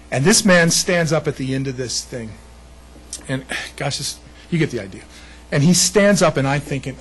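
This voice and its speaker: Husky, animated American pastor. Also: male voice, fairly high pitch, poor audio. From United States. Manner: animated storytelling, laughs often, shifts between loud and hushed. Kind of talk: sermon with personal stories.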